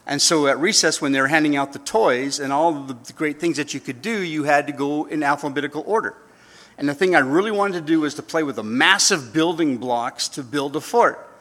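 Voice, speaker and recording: A man's voice: fairly high pitch, fairly quick, fairly bright tone. A man in his fifties preaching a sermon, telling stories with humor and acting out voices. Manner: storytelling with acted-out voices and humor. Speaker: pastor.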